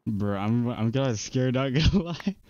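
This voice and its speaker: A man's voice: medium pitch, expressive, normal speed, a little mellow, dry recording, muffled recording. A young man streaming a video game, chatting casually with a teammate, laughing often and easily rattled. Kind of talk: casual gaming chat.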